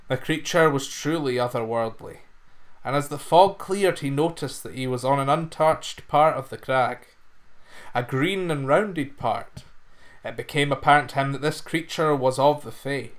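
A man narrating a folk fairy tale in an expressive storytelling manner. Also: mid-range voice, moderate pace.

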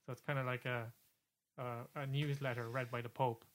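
A man's voice: medium pitch, flat delivery, fairly quick. A man co-hosting a casual chat show, riffing loosely and leaning on "like" as a filler. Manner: chatty, riffing, says "like" a lot. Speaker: podcast co-host.

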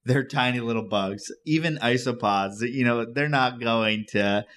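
A man's voice: medium pitch, a little slow, fairly bright tone. A man co-hosting a casual podcast, laid-back and joking, swearing casually. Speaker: podcast co-host. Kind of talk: casual chat.

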